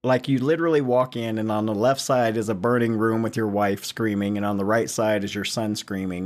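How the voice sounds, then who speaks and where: A man's voice: lowish voice, fairly even intonation, brisk, few pauses. A man co-hosting a casual podcast, rambling through jokey hypotheticals and laughing often. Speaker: podcast co-host. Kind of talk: casual chat.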